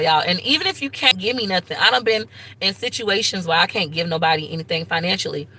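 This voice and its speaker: Bright-voiced, gushing woman live-streaming. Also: mid-range voice, rough recording. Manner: effusive, thanks viewers warmly, bursts into excited shrieks; slangy, chatty, talks straight to viewers as "y'all". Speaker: YouTuber hosting a live stream. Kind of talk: casual live-stream chat.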